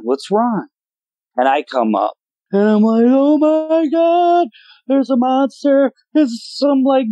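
A man in his forties from Wisconsin, a guest telling his story in an animated, emotional way and acting out voices in sudden high bursts. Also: dry recording, poor audio. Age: 40s. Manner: emotional, voice shaking at times. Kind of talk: casual storytelling.

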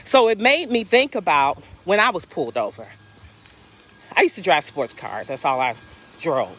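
A woman's voice: deep voice, normal speed, husky. A woman in her fifties, a life coach, telling a personal story in a casual testimony style and acting out the dialogue in different voices. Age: 50s. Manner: animated, acts out dialogue in voices. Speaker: life coach and inspirational speaker.

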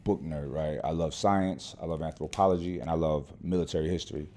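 A man hosting an interview, speaking in a calm, low-key way. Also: fairly quick. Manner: calm, low-key, mostly short backchannel replies. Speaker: host. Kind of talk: casual interview chat.

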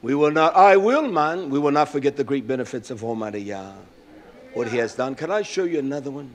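An older man preaching a sermon as pastor, swinging from shouted climaxes to hushed storytelling, with frequent "uh" fillers. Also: mid-range voice, expressive, fast.

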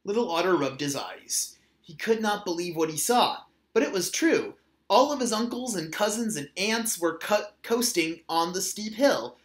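A man reading a children's picture book aloud in a gentle, measured way. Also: high voice, expressive. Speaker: storyteller. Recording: roomy echo.

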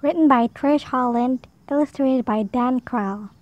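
A woman reads a rhyming picture book aloud for small children. Her voice sits high, and she takes her time over each line. The rhymes come out in a gentle, sing-song read-aloud manner. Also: unhurried, lo-fi sound. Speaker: storybook reader. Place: home.

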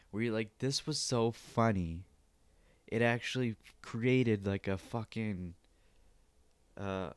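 A man hosting a casual solo podcast, rambling with lots of swearing and sometimes putting on a high excited voice for his pet. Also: smooth, no room sound. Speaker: podcast host.

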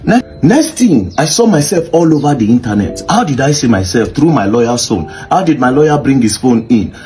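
A Nigerian man excitedly recounting events, mixing in Pidgin and acting out what others said. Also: mid-range voice, fairly quick, soft background music. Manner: excitable, mimics others' voices. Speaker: social media commentator recounting events. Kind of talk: animated storytelling in Pidgin-mixed English.

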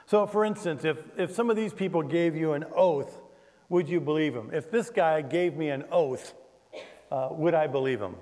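An older man, a pastor, preaching a sermon with animated delivery and humorous asides to his congregation. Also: a little high, moderate pace, in a large hall. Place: church sanctuary.

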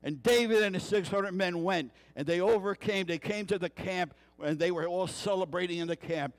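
Guest pastor, male, fairly high voice, storytelling sermon with rhetorical questions. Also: moderate pace. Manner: storytelling, acting out quoted voices.

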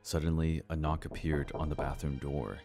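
A man with an extremely deep, low voice reads a scripted first-person horror story. His delivery is slow and even, with faint music running underneath. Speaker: story narrator. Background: faint background music.

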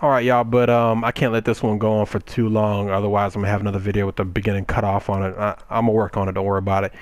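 A man's voice: lowish voice, flat delivery, rapid-fire, clean tone, no room sound. A young man giving casual, joking let's-play commentary, talking back to game characters in a folksy drawl. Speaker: gameplay commentator.

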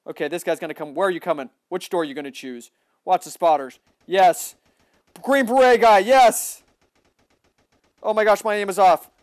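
A young man giving excitable live commentary on a shooter game, often yelling at opponents. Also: sits high, normal speed, dry recording, studio quality. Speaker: livestreaming gamer.

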